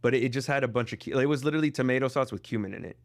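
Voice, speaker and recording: A man hosting a relaxed podcast conversation from a video call. He talks in a chatty, joking way, with plenty of fillers and restarts as he goes. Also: mid-range voice, rapid-fire, dry recording. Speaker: podcast host. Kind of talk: casual chat.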